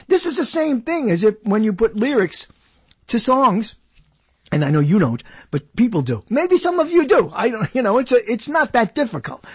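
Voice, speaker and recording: A man hosts his own show in a loose, wandering monologue, clearing his throat now and then. His voice sits high and husky, and his pitch swings widely. The sound is close and dry. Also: dry recording. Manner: digressive, chatty, clears throat often. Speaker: show host. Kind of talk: casual rambling monologue. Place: indoors, cold dry room.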